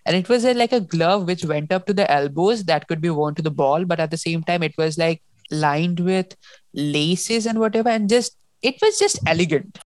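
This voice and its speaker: Book-podcast co-host, woman, low voice, emotional and rambling, dry sound. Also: normal speed, a little mellow, no room sound. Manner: emotional, restarts and gushes about the story. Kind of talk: casual book discussion.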